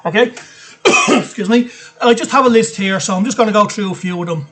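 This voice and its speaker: Man, Irish accent, fairly high voice, casual vlog chat, rambling, swears freely. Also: fairly quick, noisy background. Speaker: vlogger. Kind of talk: casual film list chat.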